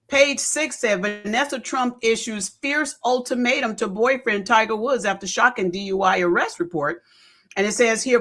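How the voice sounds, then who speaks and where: Animated woman hosting talk radio. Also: on the high side. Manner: animated, reads headlines and reacts. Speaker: talk show host. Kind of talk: casual radio talk, reading news aloud.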